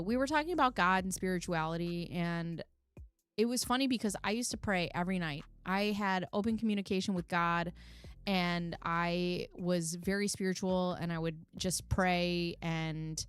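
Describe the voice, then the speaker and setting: A woman's voice: fairly low pitch, normal speed, clear, resonant tone, no echo. Candid middle-aged woman chatting casually. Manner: candid, swears freely, emotional storytelling. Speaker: channel host. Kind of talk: casual live chat reading comments.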